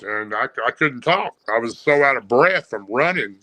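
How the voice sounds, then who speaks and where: A man's voice: medium pitch, expressive, normal speed, pushed and bright, dry recording, poor audio. A man with a Southern US accent, a guest telling a long story with many fillers and restarts. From Tennessee.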